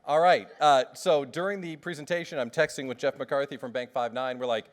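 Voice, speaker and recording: A man hosting a live event, excitedly joking with the audience after a talk. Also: mid-range voice, fairly quick. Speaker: host.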